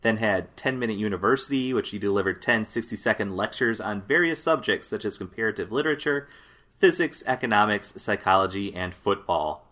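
A man's voice: lowish voice, animated, brisk, bright, forceful tone. A man co-hosting a casual chat, reading out lists of facts in a dry way with fillers. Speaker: podcast co-host.

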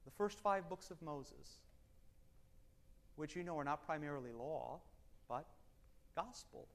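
A man teaching a Bible study class, animated and wry, swinging between loud emphasis and quiet asides. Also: a little high, measured pace, long pauses. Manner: wry, self-deprecating humor.

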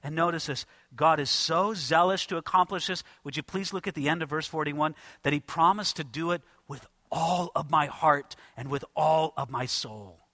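A man's voice: fairly high pitch, moderate pace, hardly any pauses, sharp tone, no room sound. A man preaching an expository sermon, emphatic and addressing his listeners directly. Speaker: pastor.

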